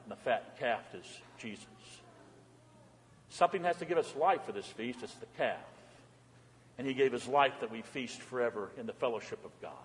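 A male pastor preaching a sermon. He swings between loud, emphatic bursts and hushed, soft passages. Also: mid-range voice, in a large hall.

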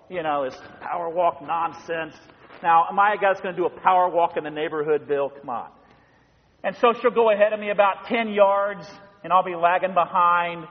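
High-voiced pastor preaching in a reverberant church. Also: male voice. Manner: animated storytelling, acting out voices in bursts. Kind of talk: sermon. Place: church sanctuary. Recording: dull sound in a reverberant church.

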